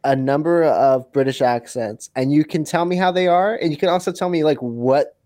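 A man's voice: a little high, normal speed, darkish tone, no echo. An American man, a guest author, chatting casually on a podcast in a nervous, self-deprecating way with frequent laughs. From United States.

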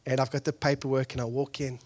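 A fast-talking pastor with a mid-range voice gives a conversational sermon. He shifts from hushed asides to loud, excited peaks and acts out those he quotes.

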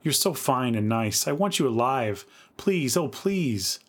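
A man's voice: mid-range voice, big pitch swings, unhurried, voice pushed up. A man voicing a frightened young woman who pleads through sobs, in a spooky story reading. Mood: pleading. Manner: pleading, sobbing.

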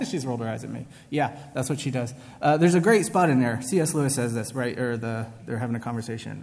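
A man's voice: mid-range voice, quick pace, few pauses, darkish tone. A man preaching a casual sermon in a reverberant hall. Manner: casual, asks "right?" often, self-interrupting. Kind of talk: conversational sermon. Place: large hall with a congregation.

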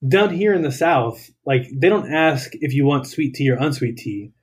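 A young adult man, a dietitian guest in a casual interview, telling relaxed stories and laughing as he goes. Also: medium pitch, moderate pace, breathy edge. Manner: relaxed storyteller, laughs while telling anecdotes.

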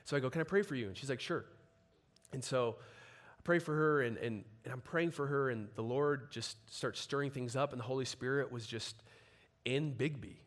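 A man preaching a sermon, telling stories in a relaxed conversational way and building to emphatic passages. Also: mid-range voice, moderate pace. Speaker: pastor.

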